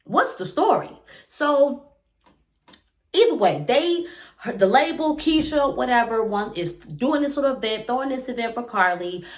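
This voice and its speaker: A woman giving a casual, animated reaction recap of a reality show, talking fast with lots of fillers and asides. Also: fairly high pitch.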